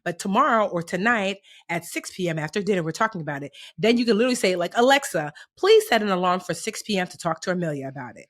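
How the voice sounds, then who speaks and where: A woman's voice: on the low side, fast talker, few pauses. A woman co-hosting a podcast, telling stories casually and acting out the voices in them. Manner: expressive storyteller, acts out quoted dialogue. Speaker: podcast co-host. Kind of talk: casual chat.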